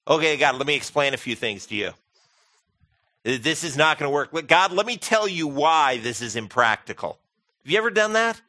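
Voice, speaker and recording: A man preaching a sermon as pastor, animated and humorous, acting out quoted voices. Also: a little high, normal speed, dry recording.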